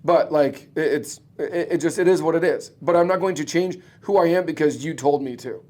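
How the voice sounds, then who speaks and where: This guest, a man who owns a roofing business and coaches, has a fairly high, darkish voice and a brisk pace. In the casual podcast conversation he swears freely and speaks bluntly and emphatically.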